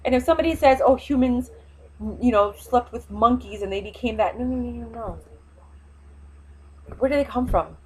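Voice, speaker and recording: A woman's voice: on the high side, moderate pace, long pauses, darkish tone, low-quality recording. A woman vlogger, talking in an impassioned, rambling casual monologue with emphatic, fiery opinions.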